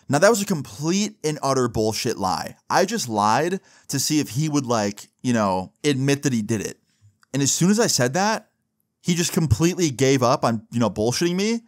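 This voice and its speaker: A young man telling a storytime vlog in a loose, slangy way, dropping plenty of fillers. His voice is mid-pitched and sounds dry and close to the mic. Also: very animated, normal speed, no echo. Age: young adult. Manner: casual, slangy, lots of "bro" and "like". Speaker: vlogger. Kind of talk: casual storytime monologue.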